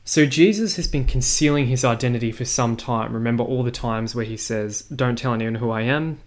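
A man teaching a Bible study lesson. He explains a passage verse by verse in a steady, explanatory way. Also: mid-range voice, fairly quick. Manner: explanatory, walks through a text verse by verse.

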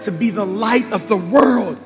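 A man preaching a passionate sermon as pastor in a church sanctuary, often rising to shouts. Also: high voice, unhurried. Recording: reverberant church hall with faint music.

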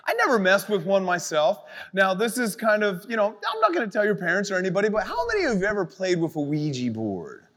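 A man preaching a live youth sermon, animated and conversational, full of asides, to an audience in a church. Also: high-pitched, fast, few pauses, big-room sound. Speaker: youth pastor.

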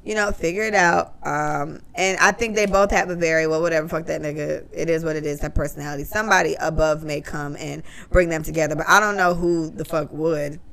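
Blunt gravelly woman podcaster. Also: deep voice, fairly even intonation, fairly quick, hardly any pauses, fairly bright tone. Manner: blunt, profane, opinionated. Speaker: podcast co-host. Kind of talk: casual podcast chat.

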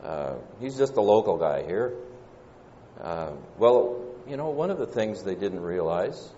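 Low-voiced Southern preacher in reverberant hall. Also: male voice, lively intonation, mellow, slight background noise. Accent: Southern American. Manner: measured, pausing delivery with frequent "uh" fillers. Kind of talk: sermon. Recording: dull lo-fi church recording with long reverb.

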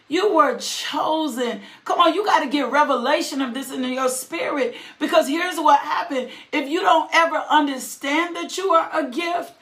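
A woman preaching a sermon with fervent energy, repeating phrases and rising into shouts. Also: high voice.

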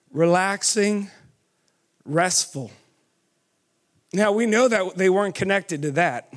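A high-pitched man delivers a sermon, regularly posing questions to the audience and egging them on with "come on." Sometimes he rushes, sometimes he drags words out slowly.

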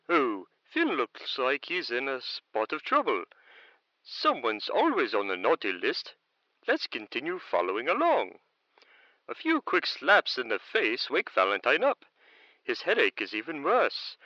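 A man's voice: a little high, wildly swooping pitch, unhurried, bright, forceful tone, no room sound. A man narrating an audio drama as its storyteller, with theatrical hooting and chuckling asides. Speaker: show narrator. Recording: dull lo-fi recording.

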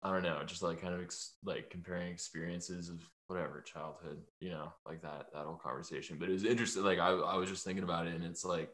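A man's voice: low voice, flat delivery, fast talker, hardly any pauses, fairly bright tone, a little hiss or hum. A young man chatting as a podcast guest over a video call, laid-back and rambling with lots of "like". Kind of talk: casual podcast chat.

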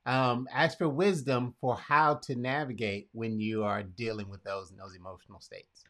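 A man's voice: medium pitch, fairly even intonation, moderate pace, fairly bright tone. A man hosting a casual conversation, asking questions and retelling a Bible story in his own words. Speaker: podcast host.

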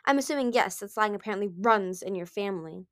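A woman's voice: mid-range voice, lively intonation, quick pace, dry recording, clean studio sound, close to an everyday voice. Fearless, a woman voicing a snappy young dragoness. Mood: indignant. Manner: snappy, demanding. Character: sharp-tongued young female dragon, indignant.

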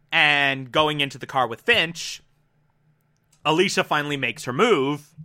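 A man recapping a TV episode with excitable, gushing enthusiasm, repeating words for emphasis and acting out quotes. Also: fairly high pitch, clean tone. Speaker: TV episode reviewer.

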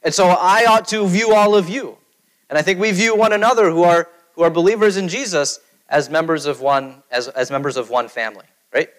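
Conversational male pastor, higher voice. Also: fairly quick, rough recording. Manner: conversational, often adds "right?" to check in. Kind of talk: sermon.

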